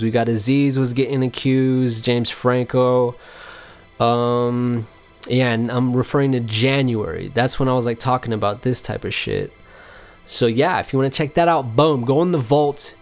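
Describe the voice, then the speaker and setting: A man hosting a casual solo podcast, rambling and joking with plenty of profanity. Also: medium pitch. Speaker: podcast host.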